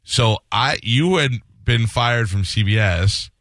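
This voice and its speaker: A man's voice: mid-range voice, expressive, slow, a bit bright, no echo, clean studio sound. A middle-aged man, a radio host, telling stories in a casual interview and acting out the voices he quotes.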